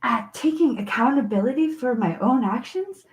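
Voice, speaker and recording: A woman vlogger in an emotional direct-to-camera monologue, talking straight to an absent person, halting and repeating herself. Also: a little high, lively intonation, reverberant.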